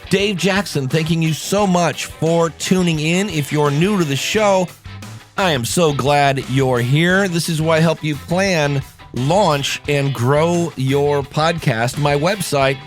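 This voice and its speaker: Soft music plays behind a fairly high-pitched man who speaks slowly. He's a podcast coach and host from Ohio with a Midwestern American accent, and he discusses accents in a relaxed, upbeat, informal way.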